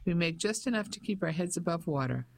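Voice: medium pitch, expressive, a little fast, creaky. Cockney accent, middle-aged landlady, chatty, gossipy, audiobook, read by a narrator. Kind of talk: audiobook character voice.

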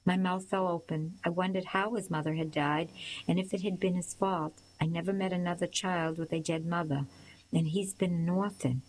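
A woman giving a measured first-person audiobook narration of a story. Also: on the low side, steady tone, rough recording.

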